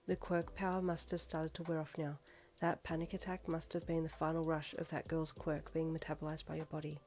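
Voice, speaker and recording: A woman voicing a calm, steady young heroine in a fan fiction reading, speaking low and quiet to reassure. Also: fairly quick. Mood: reassuring.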